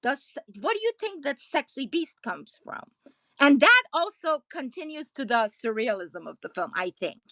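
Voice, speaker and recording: A woman's voice: high voice, very animated, normal speed, sharp tone, no echo. A woman on a film podcast panel asking questions in a hesitant, searching way. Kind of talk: casual discussion.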